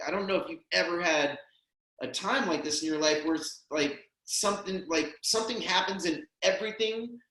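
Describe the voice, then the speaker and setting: A man with a higher-pitched, bright, pushed voice appears as a podcast guest, sharing a heartfelt story in an earnest, emotional way and often saying "man" and "dude." The recording has a roomy echo.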